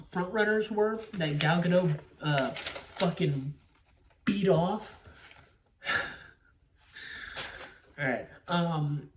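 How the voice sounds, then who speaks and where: A man's voice: high-pitched, slight background noise. A man giving a casual, rambling movie review, swearing often and stressing his opinions. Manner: profane, rambling, emphatic. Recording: echoey room, distant from mic.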